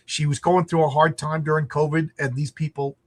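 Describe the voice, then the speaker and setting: Animated storytelling man, fairly high voice. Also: fairly quick, no room sound. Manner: animated storyteller, acts out quotes. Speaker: podcast host. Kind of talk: casual chat.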